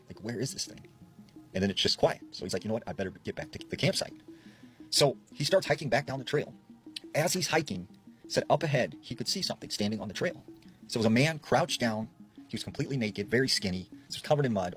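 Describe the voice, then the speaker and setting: Man, lowish voice, casual storytelling, creepy tales, drops voice for quotes. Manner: relaxed retelling, quoting people in a lowered voice.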